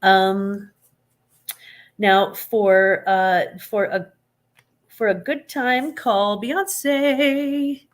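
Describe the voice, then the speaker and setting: A woman's voice: mid-range voice, fairly even intonation, extremely slow, long pauses. A woman hosting a live stream, giving blunt, sarcastic opinions in casual chat, with many fillers and restarts.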